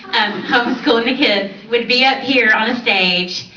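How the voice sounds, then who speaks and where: A woman in her thirties telling her personal story to an audience on a stage, animated and often laughing. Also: a little high, normal speed. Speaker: conference speaker. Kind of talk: personal success story speech. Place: large event stage. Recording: roomy, distant, dull, slightly noisy.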